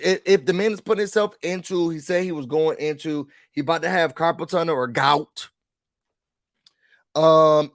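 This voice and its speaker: Casting: man, high voice, dry close sound, animated show-review rant. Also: no room sound. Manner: animated, exasperated, talks straight to the people on the show; mimics the show's people in quick put-on voices. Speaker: reality TV reviewer. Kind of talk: casual rant to camera.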